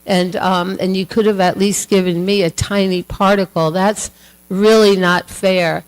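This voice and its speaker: A woman voicing an indignant goddess wife who scolds her husband in heated, rapid complaints. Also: mid-range voice, fairly even intonation, in a large hall, lightly acted, rough recording.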